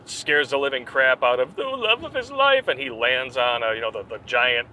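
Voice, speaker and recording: Bright-voiced joking podcast host. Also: male voice, mid-range voice, sing-song, normal speed, a little hiss or hum, low-quality recording. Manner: rambling, joking, restarts. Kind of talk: casual comedic banter.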